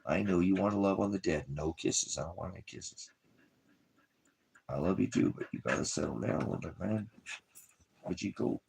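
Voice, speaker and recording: Gravelly low-voiced rambling preacher man. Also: moderate pace, long pauses, a little mellow. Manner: meandering, jokey, talks to his dog between points. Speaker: preacher of a small ministry. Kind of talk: rambling off-the-cuff livestream talk.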